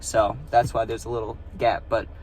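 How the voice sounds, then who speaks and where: A man's voice: on the low side, level tone, normal speed, darkish tone, faint music behind. A young man telling a rambling, profane story in a casual vlog, recorded on his phone. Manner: rambling, profane, full of "you know what I mean". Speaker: vlogger.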